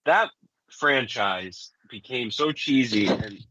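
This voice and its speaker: A man's voice: mid-range voice, lively intonation, slow, pushed and bright, no echo, highs cut off. A man in his forties chatting casually as a podcast co-host, blunt and profane, rambling from point to point. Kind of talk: casual chat.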